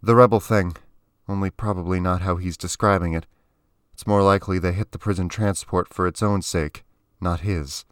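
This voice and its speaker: A man's voice: sits low, steady tone, normal speed, clear, resonant tone, dry recording, clean studio sound, close to an everyday voice. A man voicing a guarded young woman who speaks in curt, wary phrases.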